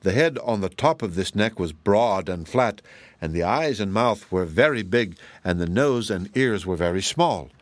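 A man narrating a children's storybook in an expressive, lively reading voice. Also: fairly low pitch, normal speed, no echo. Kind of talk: audiobook narration.

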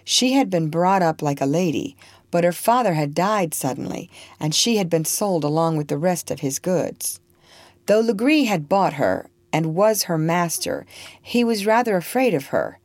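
A woman's voice: lowish voice, big pitch swings, normal speed, a little mellow, dry recording. A woman reading a storybook aloud, acting out the characters with expression. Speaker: narrator.

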